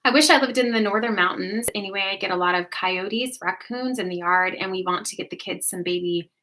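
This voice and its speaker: A woman's voice: medium pitch, fairly quick, pushed and bright. A woman hosting a casual livestream, chatting easily and laughing often as she reads out and answers viewers' comments. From United States. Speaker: livestream host.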